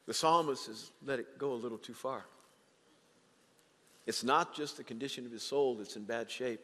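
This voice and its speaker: A man preaching a sermon as pastor, animated and dramatically acting out the voices he quotes. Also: medium pitch, normal speed, long pauses, big-room sound. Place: church sanctuary.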